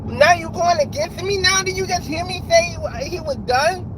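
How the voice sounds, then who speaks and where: A man's voice: very high voice, moderate pace, background noise, pitched above the performer's own voice. A man impersonating a hot-tempered male boxer who keeps insisting he is right and takes offense when questioned. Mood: stubborn.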